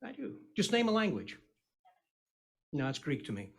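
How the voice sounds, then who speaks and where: Brief: male stage magician, slightly high voice, corny punning patter, teasing the crowd live. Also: huge pitch swings, normal speed, gravelly, heavy background noise. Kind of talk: comedy magic act with audience banter. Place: live stage before an audience.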